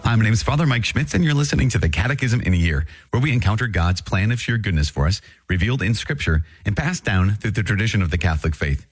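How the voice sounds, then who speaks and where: A man's voice: on the low side, animated, husky, faint music behind. A man who is a priest, hosting a catechism program in an eager, casual teaching style with many restarts and repetitions. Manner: enthusiastic, talks in quick restarts and repetitions. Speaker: priest and podcast host.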